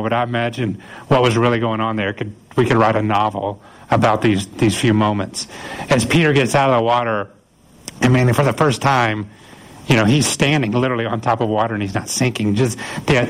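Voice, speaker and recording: A man preaching a sermon, retelling scripture as a lively story and acting out the voices of the people in it. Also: mid-range voice, poor audio. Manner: animated storytelling, acts out quoted voices. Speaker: pastor.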